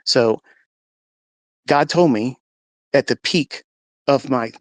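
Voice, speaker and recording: A man's voice: medium pitch, slow pace, dry recording. A man earnestly telling a personal story in a live audio room, acting out what people said with rising intensity. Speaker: host.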